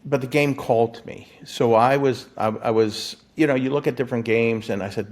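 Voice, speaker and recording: A man from Florida, a physician, telling his lottery story as an interview guest in an excitable, stammering way, often laughing. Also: mid-range voice, fairly quick, hardly any pauses.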